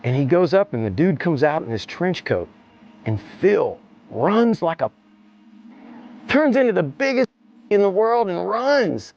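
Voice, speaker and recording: A man telling a story in a casual interview, animated, slangy and profane, often repeating himself. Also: high-pitched, unhurried, vocal fry, lo-fi sound. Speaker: interview guest.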